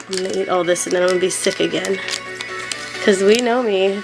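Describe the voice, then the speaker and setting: A woman's voice: mid-range voice, moderate pace, vocal fry, rough recording. Bubbly giggly woman chatting. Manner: bubbly and giggly, lots of 'like' fillers. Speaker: doll collector vlogger. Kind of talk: casual unboxing chat. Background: background music.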